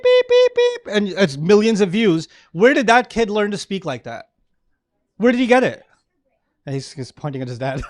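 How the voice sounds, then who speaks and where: Animated high-voiced man lecturing. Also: no echo, studio quality. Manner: animated, asks the audience questions. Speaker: Islamic lecturer. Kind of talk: lecture to a live audience.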